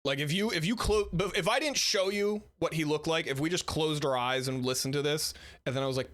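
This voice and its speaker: A man's voice: on the high side, fairly quick, a bit bright. A man streaming while sick, giving casual and sarcastic commentary as he reacts to a video. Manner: sarcastic, blunt, chatty.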